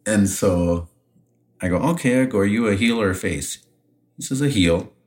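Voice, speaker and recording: A man co-hosting a podcast, telling a backstage anecdote in a casual, animated way and laughing often. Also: deep voice, normal speed. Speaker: podcast co-host, retired wrestler. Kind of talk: casual storytelling.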